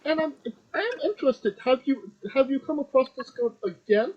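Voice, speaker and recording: A woman's voice: high voice, very animated, normal speed, muffled recording. A woman hosting a casual interview, asking light questions with small laughs.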